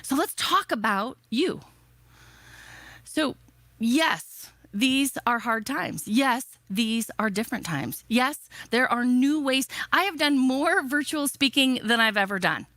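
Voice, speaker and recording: Emphatic, lively woman giving a keynote. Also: high voice, slow, no room sound. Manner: energetic, emphatic, repeating rhetorical questions. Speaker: keynote speaker. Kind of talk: motivational keynote speech.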